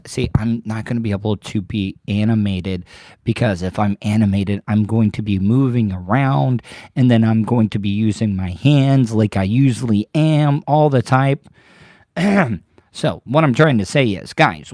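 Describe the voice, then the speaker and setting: A man's voice: lowish voice, no echo, clean studio sound. A man hosting a podcast livestream from home, talking casually and rambling straight to his viewers. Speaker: podcast host. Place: home, birds outside.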